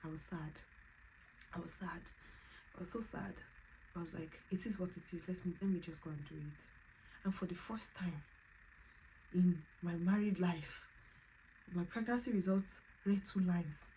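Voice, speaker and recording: A woman's voice: lowish voice, moderate pace, long pauses, a little hiss or hum, poor audio. A woman, telling her personal story in a vlog and acting out what others said. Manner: animated, quotes others in lively voices. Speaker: vlogger.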